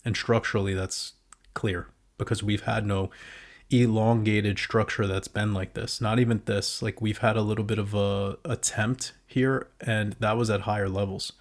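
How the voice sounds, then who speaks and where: A man with a lowish voice walks through price charts in loose, unscripted commentary. He swears freely and breaks into excited outbursts as he talks. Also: normal speed. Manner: casual and profane, with excited outbursts. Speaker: crypto market commentator. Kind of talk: casual chart analysis commentary.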